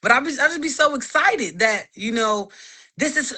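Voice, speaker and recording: Laughing frequently and full of animation, a woman shares an emphatic testimony of faith in a relaxed conversation, circling back with plenty of repetition. Her voice is a little high and slightly rough, at a normal speed.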